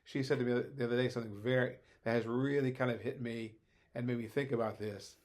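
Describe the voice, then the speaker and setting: A man's voice: medium pitch, fairly even intonation, fast talker. An older man, a former teacher, speaking as a podcast guest in a thoughtful, rambling way with many hesitations. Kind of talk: conversational podcast discussion.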